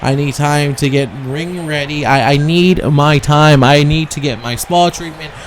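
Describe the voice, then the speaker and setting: A man's voice: on the high side, measured pace, slight background noise, natural voice. A man voicing a haughty, entitled woman wrestler who sneers at the crowd and whines about a rematch. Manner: sneering, whiny, insulting the crowd.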